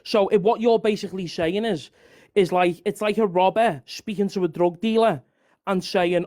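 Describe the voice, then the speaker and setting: High-pitched man, heated debater who rambles and keeps repeating his point. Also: fairly even intonation, normal speed, darkish tone. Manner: argumentative, rambling, repeats himself.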